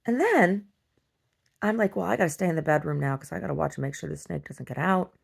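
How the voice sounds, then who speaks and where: A woman vlogger casually retelling a dream in a rambling, animated way, full of restarts. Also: lowish voice, quick pace, gravelly, husky. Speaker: video diary vlogger. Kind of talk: casual storytelling to camera.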